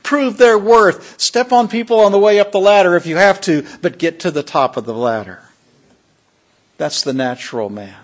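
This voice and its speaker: Delivering a sermon, a man with a fairly high voice stresses key words heavily and poses questions to the congregation. His style is emphatic and pastoral.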